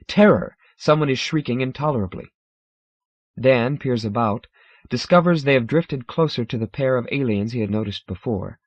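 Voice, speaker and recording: A man narrating a science fiction audiobook in a measured, dramatic way. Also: mid-range voice, dry recording. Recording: dry, slightly dull recording.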